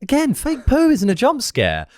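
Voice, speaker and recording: A man co-hosting a comedy podcast, teasing and deadpan. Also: extremely high pitch, moderate pace, no echo, studio quality. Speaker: podcast co-host. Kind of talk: casual comedic chat.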